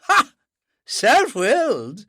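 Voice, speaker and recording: Audiobook figure: narrator playing a stout, irritable old man, loud and spluttering, pushed up in pitch. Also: huge pitch swings, slow pace, no echo, studio quality, full character voice. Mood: blustering. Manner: blustering, choking with rage. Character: heavy, blustering, hot-tempered old father.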